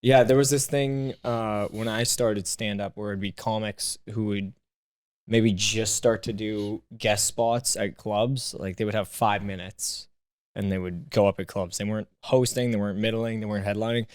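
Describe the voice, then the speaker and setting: Animated, swearing comedian telling stories. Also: male voice, fairly low pitch, moderate pace, smooth. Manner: animated, swearing, acts out quoted voices. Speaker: stand-up comedian guest. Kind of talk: casual podcast storytelling. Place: podcast studio.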